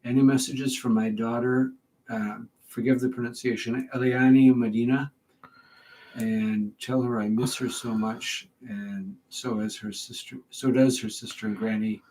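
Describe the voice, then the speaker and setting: A man's voice: medium pitch, level tone, unhurried, a little mellow, slight background noise, poor audio. A man co-hosting a livestream, reading viewers' questions aloud plainly.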